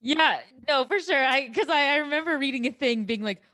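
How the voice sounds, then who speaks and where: A woman podcast host chatting in an animated, gushing way, often restarting her sentences. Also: sits high, fairly quick, no echo, clean studio sound. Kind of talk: casual podcast chat.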